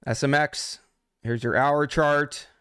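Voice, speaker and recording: A man's voice: on the high side, steady tone, slow, a bit bright, smooth, no room sound. Profane casual male trading coach, dry sound. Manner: casual, profane, talks straight to chat. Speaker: trading coach streaming live. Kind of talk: unscripted live stream teaching.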